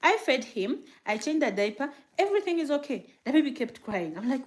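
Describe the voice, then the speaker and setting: A new mother vlogging casually to her viewers, telling stories in an animated way and acting out what she said back then, with fillers and frequent laughs. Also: fairly high pitch, normal speed, hardly any pauses. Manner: animated storytelling, acting out her own past words. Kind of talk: casual chat answering viewer comments.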